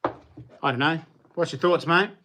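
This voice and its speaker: A man with a New Zealand accent, a knife maker chatting casually on a livestream and answering viewers in a relaxed, colloquial way. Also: on the high side, a little slow, slight background noise.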